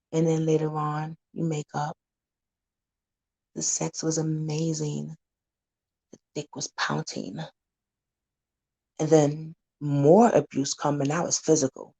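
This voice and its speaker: A woman's voice: deep voice, level tone, slow, creaky, long pauses, dark tone. A woman community advocate talking casually to camera, blunt and candid, warning her viewers and acting out scenes to make her point.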